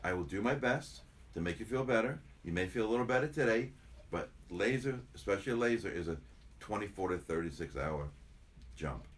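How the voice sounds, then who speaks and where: A man's voice: lowish voice, animated, a little fast. An older man, a chiropractor, chatting casually in an interview, rambling and repeating himself as he tells stories. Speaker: chiropractor guest.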